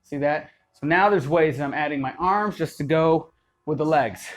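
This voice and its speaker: A man's voice: fairly high pitch, normal speed. A man teaching popping moves in a loose, rambling way, counting beats aloud. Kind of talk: casual spoken dance tutorial.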